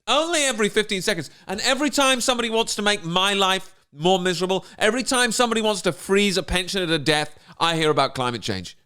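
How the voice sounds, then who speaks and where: A man's voice: high voice, fast, few pauses, bright, forceful tone, smooth. A man, a comedian ranting sarcastically, mocking and indignant. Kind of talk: ranting commentary.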